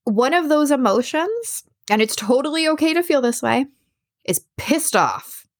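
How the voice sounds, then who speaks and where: A young adult woman tells her story in a lively, swooping voice, candid and animated, and brings the people in it to life as she quotes them. The sound is dry, with no room echo. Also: high voice, unhurried. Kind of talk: personal storytelling.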